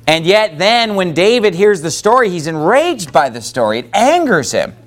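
Animated high-voiced male preacher. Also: moderate pace. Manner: preaching with rising emphasis, reads scripture in King James wording; conversational asides with fillers. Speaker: pastor. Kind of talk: sermon.

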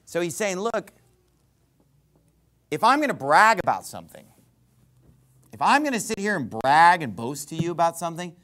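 A man preaching a verse-by-verse sermon, reading scripture in a rising, emphatic cadence and swinging between loud emphasis and quiet asides. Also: fairly high pitch, big pitch swings, moderate pace, pauses often. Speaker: pastor.

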